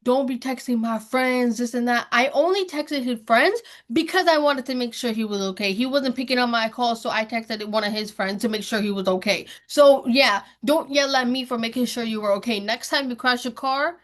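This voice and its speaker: A woman's voice: fairly high pitch, moderate pace, hardly any pauses. A young woman hosting a podcast, telling a story in casual chat, slangy and swearing freely as she acts out what people said. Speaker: podcast host.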